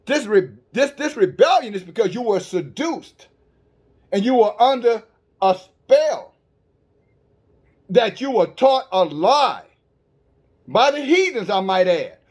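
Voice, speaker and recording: A man with a high voice preaching a sermon to his listeners. He presses each point hard and asks them questions directly. He often stumbles and restarts his words as he goes. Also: expressive, slow pace, long pauses. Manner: emphatic, with frequent stammered restarts. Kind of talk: online sermon.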